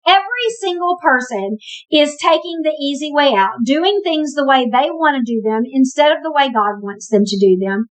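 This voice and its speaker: A woman with a high voice retells a Bible story casually, as if chatting with friends. She adds wry, emphatic asides as she goes. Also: lively intonation, normal speed, poor audio. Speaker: Bible teacher.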